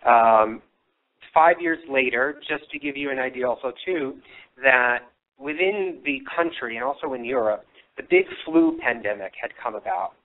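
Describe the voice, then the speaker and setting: A man's voice: mid-range voice, normal speed. Man hosting a live paranormal broadcast, tinny line. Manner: rambling storytelling with fillers. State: losing his voice. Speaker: paranormal radio show host. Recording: tinny phone-line sound.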